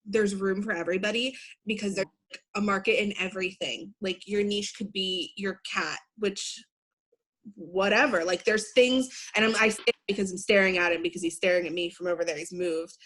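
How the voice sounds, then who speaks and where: Woman host, mid pitch, enthusiastic, rambling, casual interview. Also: normal speed, fairly bright tone. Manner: enthusiastic, rambling, many fillers. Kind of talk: casual interview over video call.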